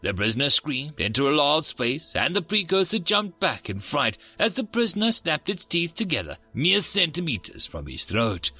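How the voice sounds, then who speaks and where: A man hosting and narrating science fiction stories in a theatrical, expressive way. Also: on the high side, moderate pace, hardly any pauses, breathy edge, no echo, faint music behind. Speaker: story narrator and channel host. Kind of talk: scripted sci-fi story narration.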